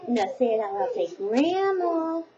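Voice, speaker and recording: Older woman, grandmother, high and slow, coaxing sing-song delivery; muffled home-video sound with background noise. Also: very animated, a loud crowd. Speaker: grandmother filming her grandchildren.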